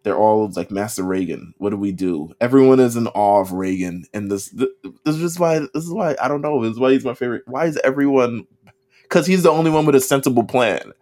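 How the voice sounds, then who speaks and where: A man's voice: mid-range voice, a little fast, a little mellow. A man co-hosting a podcast, recapping an anime episode in casual chat, acting out characters' lines and laughing often. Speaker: podcast co-host.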